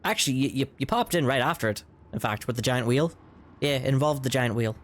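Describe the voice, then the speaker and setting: Fast-talking male game streamer. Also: mid-range voice, animated, slight background noise. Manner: fast, rambling, laughs often. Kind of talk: casual gaming livestream commentary. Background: game music.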